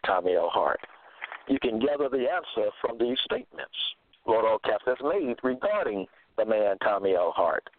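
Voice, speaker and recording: A man's voice: on the low side, dry recording. A man giving a sermon, reading and explaining verses, emphatic and repeating himself. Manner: emphatic, repeats phrases, spells out words. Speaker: preacher. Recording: tinny phone-line sound.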